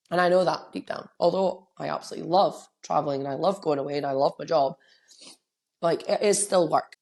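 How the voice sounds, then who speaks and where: A middle-aged woman coach hosts a solo podcast while sick with a cold, coughing as she speaks candidly and emotionally into a microphone. Her voice is lowish and darkish in tone.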